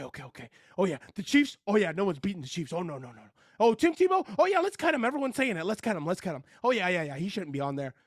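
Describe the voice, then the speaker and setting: A man playing a boastful former high-school football star who rants about his sports takes and mocks a co-host. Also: dry recording, clean studio sound. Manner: ranting, mocking, boastful. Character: brash boastful male sports-talk blowhard, ex-jock. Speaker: comedy segment character.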